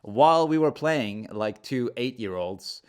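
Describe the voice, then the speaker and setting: A man's voice: medium pitch, expressive, unhurried, smooth. A man co-hosting a podcast in casual chat, throwing in dry quips and teasing. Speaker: podcast co-host.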